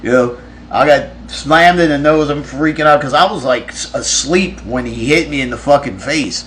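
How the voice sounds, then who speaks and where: A man's voice: mid-range voice, normal speed, a bit bright, slight background noise. A man who plays in a touring metal band, telling a loose, profane anecdote with many restarts. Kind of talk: casual spoken anecdote.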